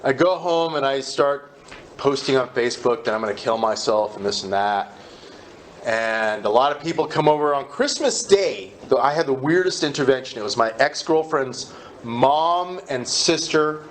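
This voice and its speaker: A man's voice: mid-range voice, lively intonation, moderate pace, a little hiss or hum. Candid man telling his own story. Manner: candid, conversational storytelling with restarts. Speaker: speaker sharing his recovery story. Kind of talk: personal recovery talk.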